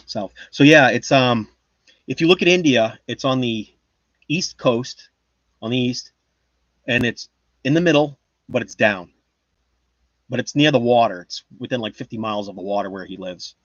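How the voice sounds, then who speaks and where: A man's voice: medium pitch, moderate pace, pauses often, fairly bright tone, no echo, muffled recording. A man chatting casually on a livestream, reading the chat and rambling in a boastful, joking way. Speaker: livestream host.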